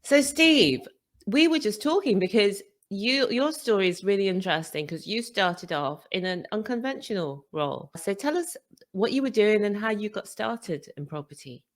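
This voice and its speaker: A woman's voice: medium pitch, animated, moderate pace. A woman hosting a podcast, introducing her guest in an upbeat, chatty way. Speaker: podcast host.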